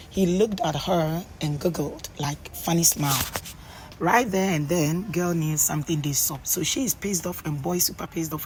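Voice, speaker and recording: A woman's voice: sits low, a little mellow, slight background noise, rough recording. A woman casually recapping a reality show, chatty and full of ums and pidgin asides.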